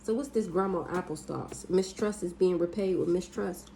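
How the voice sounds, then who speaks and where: A woman doing a casual spiritual reading, blunt and profane, with drawn-out hums and exclamations. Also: fairly low pitch, vocal fry, dark tone, a little hiss or hum, low-quality recording. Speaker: spiritual reader.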